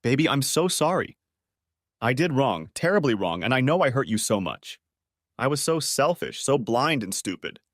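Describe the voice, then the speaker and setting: A man's voice: mid-range voice, sing-song, normal speed, no room sound, clean studio sound. A man voicing a tearful, unfaithful wife who stammers and begs, lifting his voice well above his own. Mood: pleading. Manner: begging, stammering, sobbing. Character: tearful pleading unfaithful wife, adult woman.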